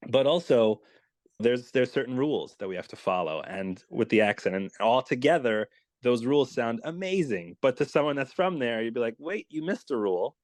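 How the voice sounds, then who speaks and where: A man's voice: mid-range voice, lively intonation, moderate pace, darkish tone, dry recording. Dry-sounding enthusiastic male dialect coach. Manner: enthusiastic, explanatory. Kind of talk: casual interview chat.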